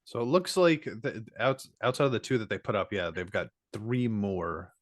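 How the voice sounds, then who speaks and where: A man's voice: on the low side, normal speed, no room sound, clean studio sound. A man with a New Jersey accent co-hosting a podcast in laid-back casual chat. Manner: laid-back, says "bro". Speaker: podcast co-host.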